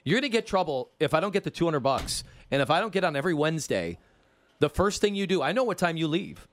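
A man voicing a smooth-talking male neighborhood extortionist, falsely friendly with a menacing edge. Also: fairly high pitch, sing-song, quick pace. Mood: threatening.

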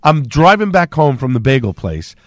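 A man co-hosting a morning radio show, telling quick anecdotes with wry jokes. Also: mid-range voice, very animated, dry recording, clean studio sound. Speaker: radio co-host and news anchor. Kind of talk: casual morning radio banter. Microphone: studio microphone.

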